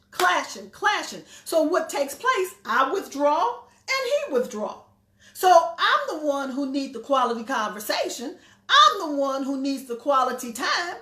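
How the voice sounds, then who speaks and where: A woman's voice: high voice, a bit bright, roomy sound. A woman pastor preaching emphatically, repeating phrases and laughing between points. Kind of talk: sermon.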